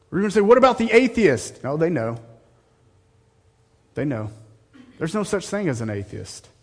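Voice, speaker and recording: Male pastor, sermon delivery, sarcastic pitch jumps, long hall reverb. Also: darkish tone, breathy edge. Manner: rises to a high mocking voice for sarcasm.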